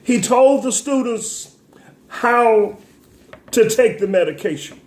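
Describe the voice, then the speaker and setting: Tearful, stammering man with a high voice. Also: expressive, slow, reverberant. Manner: preacher-like cadence, stammers and repeats words. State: tearful, sniffling. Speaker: talk show host. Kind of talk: emotional spoken commentary.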